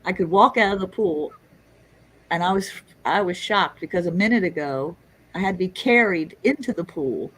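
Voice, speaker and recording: A middle-aged woman telling a story in casual chat, lively and swearing, acting out the people she quotes. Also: on the low side, moderate pace, husky, rough recording. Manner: animated, swearing, acts out quotes. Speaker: guest storyteller.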